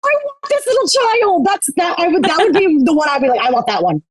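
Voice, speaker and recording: A woman's voice: very high voice, big pitch swings, a little fast, dry recording. A woman guest on a podcast, talking candidly with a lot of swearing and laughter. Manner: candid, profane, laughs often. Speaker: podcast guest, reality TV competitor. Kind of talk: casual chat.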